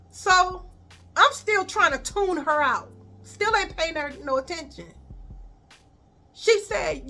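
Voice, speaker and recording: A woman with a Chicago accent telling a storytime vlog, animated and profane, talking to viewers as y'all. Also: extremely high pitch, takes it slowly.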